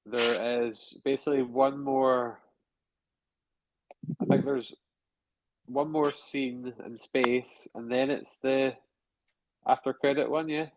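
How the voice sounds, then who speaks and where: A man's voice: medium pitch, fairly even intonation, takes it slowly, pauses often, darkish tone, slight background noise. A man co-hosting a casual review podcast, chatty and hedging as he thinks aloud. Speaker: podcast co-host. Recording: dull lo-fi dry sound.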